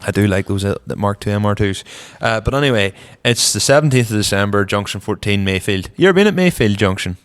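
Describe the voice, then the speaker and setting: Low, smooth Northern Irish young man. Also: quick pace, hardly any pauses. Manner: relaxed, rambling, trails off softly. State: cold. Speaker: podcast co-host. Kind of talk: casual car chat. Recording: long reverb.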